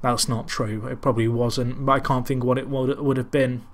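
A man talks over his football management game, calling the match like a sports commentator. He rambles and pokes fun at himself between plays. His pitch sits in an ordinary middle range for a man. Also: little pitch movement, normal speed. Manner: rambling, self-deprecating, calls the match like a commentator. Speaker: gaming commentator. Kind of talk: casual Let's Play commentary.

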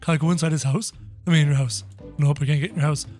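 A man giving excited game commentary, chatting to viewers and yelping at scares. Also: fairly high pitch, very fast, soft background music. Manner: excitable, yelps and shrieks at scares; chatty, addresses viewers directly. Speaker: gameplay commentator.

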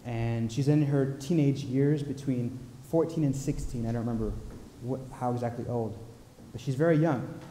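A man preaching a sermon, telling a story in an earnest, unhurried way with pauses. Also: medium pitch, warm tone, a little hiss or hum. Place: large church sanctuary. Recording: echoey church hall with long reverb.

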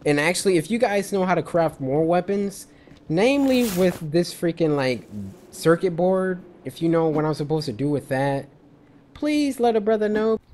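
A young man giving loud, excitable commentary while playing a video game, trash-talking enemies with squeals and yells. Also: sits high, normal speed, a little hiss or hum. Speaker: gaming video creator. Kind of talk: let's play commentary.

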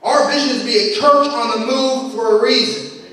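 A young man preaches a fervent sermon, his voice pitched very high and driving through repeated refrains. He sounds caught from far across a big church, wrapped in a long, booming echo. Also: moderate pace, fairly bright tone. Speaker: pastor. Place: large echoey church sanctuary. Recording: echoey hall, voice from far off.

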